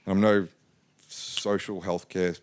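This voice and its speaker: A man in his forties from Australia, a business guest telling lively anecdotes in a casual interview and acting out quoted lines. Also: low-pitched, slow pace. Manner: animated anecdotal, acts out quotes.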